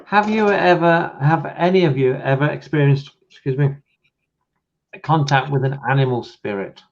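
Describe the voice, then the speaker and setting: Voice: medium pitch, moderate pace, muffled recording. A host on a paranormal livestream, reading out viewer comments and steering the talk. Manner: reads comments aloud, moves the chat along. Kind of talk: livestream hosting.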